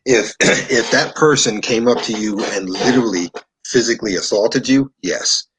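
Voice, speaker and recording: A man from New York, a show guest, telling a story in a relaxed, conversational way and acting out what people said. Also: on the low side, normal speed, background noise. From New York, USA. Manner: animated storyteller who acts out dialogue.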